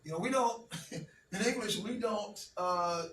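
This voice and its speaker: In a classroom language lesson, a male teacher speaks in an unhurried, high-pitched, slightly bright voice, patiently checking that students follow with repeated "okay?" The sound is distant and roomy, with a little background noise.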